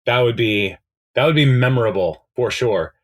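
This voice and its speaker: A man's voice: medium pitch, moderate pace. A man co-hosting a podcast, recapping a TV episode in casual chat, rambling with many fillers and quoting the characters' lines as he retells scenes. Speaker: podcast co-host.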